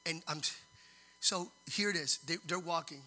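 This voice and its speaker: A man preaching a sermon, dramatic, moving from hushed storytelling to loud, sung-out exhortation. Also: fairly high pitch, moderate pace.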